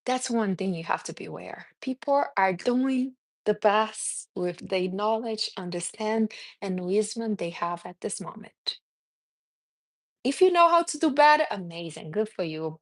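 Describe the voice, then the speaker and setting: A woman's voice: medium pitch, dry recording. Brazilian woman coaching live, very dry sound. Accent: Brazilian Portuguese. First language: Portuguese. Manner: earnest, reads live chat names, answers viewers. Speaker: self-esteem coach hosting a live stream. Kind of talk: casual live-stream talk.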